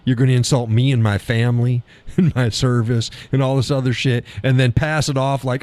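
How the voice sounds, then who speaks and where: A middle-aged man hosts a live stream, reads out viewer comments and spins stories full of profanity and laughter. His pitch swings widely as he tells them. The sound is dry and close, with no room around it. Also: normal speed, no echo. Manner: profane, laughs often, animated storytelling. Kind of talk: casual chat reading viewer comments.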